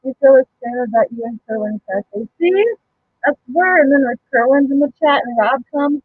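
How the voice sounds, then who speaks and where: A woman's voice: high-pitched, normal speed, slightly rough, phone-quality sound. Chatty woman hosting a craft live stream. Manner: chatty, reads viewer comments aloud, laughs often. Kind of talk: casual live stream chat. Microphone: home microphone.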